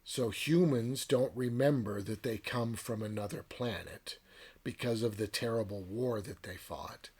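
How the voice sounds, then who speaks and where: A man voicing a small talking spider with a calm, knowing manner, in a husky voice. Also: medium pitch, a little slow. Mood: solemn. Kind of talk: retelling a story aloud.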